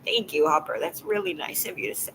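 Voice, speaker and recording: Chatting casually with her viewers on a live stream, a woman sounds teary and emotional, her soft, halting speech often fading into a whisper. Her voice sits lowish, and there's background noise.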